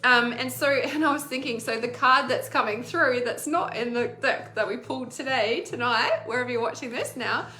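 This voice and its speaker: A woman's voice: on the high side, moderate pace, few pauses, sharp tone, roomy sound, faint music behind. A woman, an intuitive healer, giving a casual oracle card reading in a rambling, chatty way, laughing often and filling her talk with "like".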